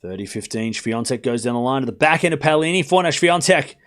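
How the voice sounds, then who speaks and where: A young man streaming live tennis play-by-play to his chat, excitable, swinging from quiet muttering to shouting. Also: medium pitch, fast.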